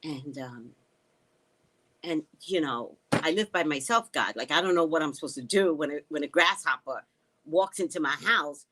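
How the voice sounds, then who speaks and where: Reading viewer comments aloud on her casual home live stream, a woman with a low voice spins sarcastic, animated stories at a moderate pace, swearing frequently along the way.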